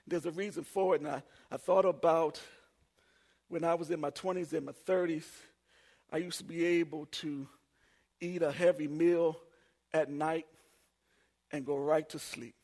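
A man in his forties preaching a sermon, telling funny personal stories and building up to shouts. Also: fairly high pitch, steady tone, normal speed, long pauses. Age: 40s. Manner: humorous storytelling, builds to shouting. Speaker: pastor.

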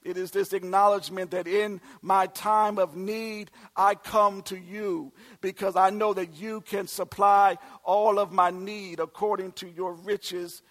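High-voiced preaching man in his forties. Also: flat delivery, a little slow, few pauses. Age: 40s. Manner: call-and-response preaching, swings from soft asides to shouts. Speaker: pastor. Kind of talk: sermon.

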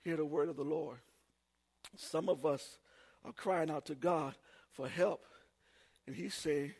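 A man in his forties preaching a sermon, telling funny personal stories and building up to shouts. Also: a little high, measured pace, pauses often, husky. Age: 40s. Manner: humorous storytelling, builds to shouting. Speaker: pastor.

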